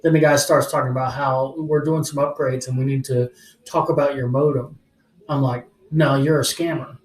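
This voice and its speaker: A man's voice: medium pitch, moderate pace, reverberant, poor audio. A man casually telling a story as a podcast co-host, acting out angry phone calls and cursing as he goes. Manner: animated, swearing, acts out angry phone calls.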